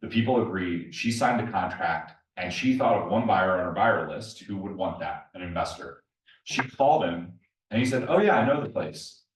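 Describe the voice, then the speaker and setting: A man's voice: low-pitched, normal speed. A man giving a live presentation at an investor meetup, telling stories and putting questions to the audience. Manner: storytelling, addresses the audience directly with questions. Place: meeting room with a live audience. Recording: echoey room, mic at a distance.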